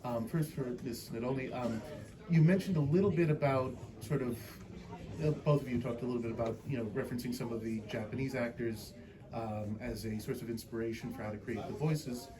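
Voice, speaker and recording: A fan at a convention asking a question in a halting way, with lots of fillers. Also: male voice, medium pitch, crowd noise, poor audio. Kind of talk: audience question. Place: convention hall.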